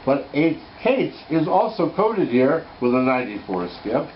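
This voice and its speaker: This is an informal Torah code lesson recorded at home, slightly muffled, with a bit of background noise. The man's mid-range voice is very animated and moves at normal speed, and he eagerly thinks out loud, fixing his own statements as he goes.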